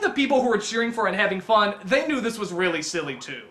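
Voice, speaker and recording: A man's voice: extremely high pitch, animated, fast, few pauses, sharp tone, roomy sound. A man giving a casual spoken film review, rambling with lots of ums and frequent chuckles.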